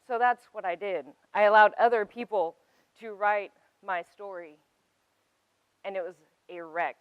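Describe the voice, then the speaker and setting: A woman's voice: medium pitch, clear, resonant tone, no echo, dull audio. A woman in her thirties giving a personal testimony talk, earnest and emphatic, building to passionate peaks. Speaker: speaker.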